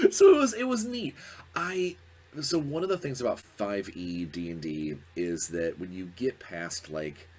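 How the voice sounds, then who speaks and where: A man hosting a podcast, casually telling a story and acting out the people in it, with many fillers and restarts. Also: deep voice. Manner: animated, acts out quoted players with fillers and restarts. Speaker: podcast host.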